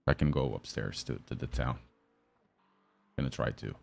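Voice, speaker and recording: Deep-voiced Portuguese man chatting on stream. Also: normal speed, creaky. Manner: chatty, joking, answering chat while driving. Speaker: sim racing streamer. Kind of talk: casual live-stream chat.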